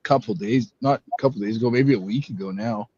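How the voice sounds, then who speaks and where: A man's voice: fairly low pitch, quick pace, warm tone, husky, no echo. A man in casual chat, laid-back and swearing, often repeating his words. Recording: dull, dry lo-fi audio.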